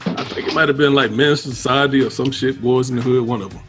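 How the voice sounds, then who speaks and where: A man's voice: medium pitch, fairly even intonation, fast talker, a bit bright, soft background music. A man joking in casual, profane podcast banter. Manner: joking, profane, laid-back.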